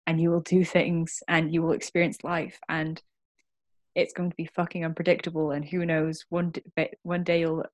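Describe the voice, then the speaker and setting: A woman's voice: sits low, level tone, moderate pace. A young woman, talking candidly as a guest in a casual chat. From Wales. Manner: candid, swears, swings from laughing to reflective.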